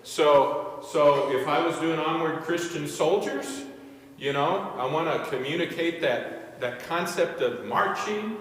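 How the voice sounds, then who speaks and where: A man's voice: fairly high pitch, measured pace, a bit bright. A male music instructor giving a classroom lecture on conducting, counting beats aloud as he demonstrates. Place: large echoey room. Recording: echoey hall, voice from a distance.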